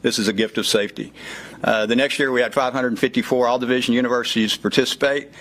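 A man's voice: medium pitch, fairly even intonation, quick pace, a bit bright. Man, 50s, Southern Texas accent, folksy speaker at a press event, filler-heavy. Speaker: child safety program speaker. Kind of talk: speech at a press conference.

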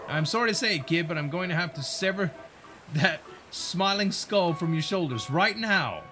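A swaggering, mocking skeleton pirate, put on by a man with a put-on British pirate accent. The voice sits high and bounces lively up and down as he teases. Game music plays steadily behind. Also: normal speed. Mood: menacing banter. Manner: teasing, swaggering. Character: cocky male skeleton pirate sailor, gruff and mocking.

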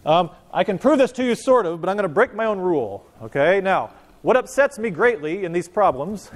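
A physics professor gives a live lecture in a high voice, joking and talking straight to his students. He sounds casual and loose. His voice rings with the long reverb of a large lecture hall. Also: expressive, fairly quick. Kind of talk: university lecture.

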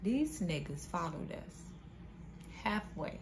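A young woman vlogger telling a storytime to her viewers in an animated, slangy way, often calling them "y'all". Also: fairly low pitch, slow pace, background noise. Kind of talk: casual storytime vlog.

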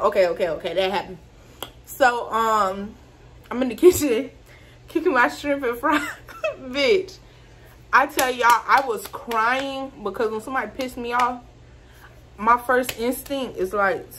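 A young woman from Georgia telling a storytime, loose and animated, cursing freely and laughing as she goes. Her voice sits at an ordinary middle pitch. A faint hiss of noise sits under it. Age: 20s. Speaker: vlogger. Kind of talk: casual storytime.

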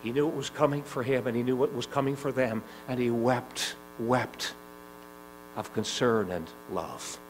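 A man's voice: medium pitch, rough recording. Emphatic male preacher with a faint hum. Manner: emphatic, swinging between loud urgent climbs and soft slow drops; repeats phrases, asks the congregation questions. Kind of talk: sermon. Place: gospel hall.

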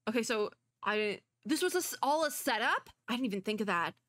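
Brief: young woman VTuber, bright voice, excitable reactions, dry close sound. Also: a little high, fairly quick, dry recording. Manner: excitable, talks back at the characters on screen. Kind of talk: playthrough commentary, reading story text aloud.

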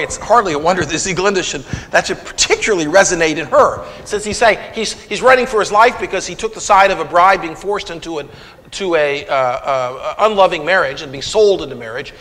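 A man giving a conversational lecture to an audience, animated and retelling scenes with quoted dialogue. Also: sits high, slight background noise. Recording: long reverb of a lecture hall.

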